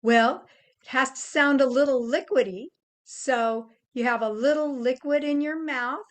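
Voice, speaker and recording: An older woman gently teaching children how to make animal sounds, explaining each step patiently. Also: high voice, steady tone, measured pace. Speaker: children's presenter.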